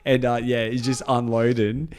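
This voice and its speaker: A man in casual podcast chat who tells a story in an animated way. He swears freely, acts out the other people's lines and laughs as he goes. His voice sits at an ordinary middle pitch. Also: normal speed, a little hiss or hum. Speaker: podcast co-host.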